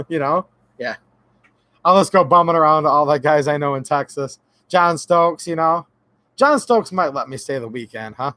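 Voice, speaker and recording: A man's voice: fairly high pitch, moderate pace, sharp tone, dry recording. A man hosting a casual livestream, rambling and joking as he chats with viewers and reads out their names. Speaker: gun channel livestream host.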